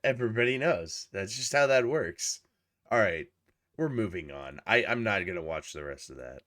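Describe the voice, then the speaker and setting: A man's voice: on the low side, expressive, moderate pace, a bit bright. Swearing, indignant reaction host man. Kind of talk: casual profane commentary rant.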